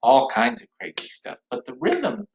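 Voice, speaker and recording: A man teaching an online music class for young children, cheerful and encouraging, now and then dropping into high and low puppet voices. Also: huge pitch swings, moderate pace, dull audio, very noisy. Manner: cheerful, encouraging, speaks to small kids.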